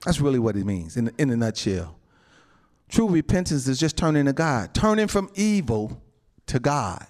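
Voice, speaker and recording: A man's voice: medium pitch, very animated, moderate pace, a little mellow. A male pastor preaching a sermon to his congregation, peppering his talk with amens and calling out to the saints. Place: church building with a congregation.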